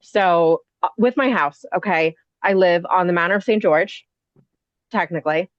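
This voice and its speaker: A woman in her thirties telling a story casually as a podcast guest, animated and full of fillers and quick asides. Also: on the low side, dry recording. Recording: dull muffled sound, dry.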